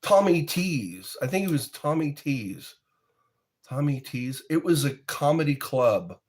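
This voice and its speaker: Middle aged guy rambling on a stream, slow talker, voice jumps up and down a lot. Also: on the high side, very animated, darkish tone. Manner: rambling, sings snippets and quotes in goofy voices. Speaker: streamer chatting with viewers. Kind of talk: casual chat.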